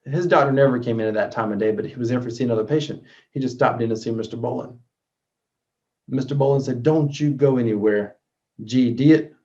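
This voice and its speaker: Male motivational storyteller, earnest, loud then hushed, warm low timbre, muffled audio. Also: quick pace. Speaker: motivational speaker. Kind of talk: storytelling talk. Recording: dull lo-fi recording.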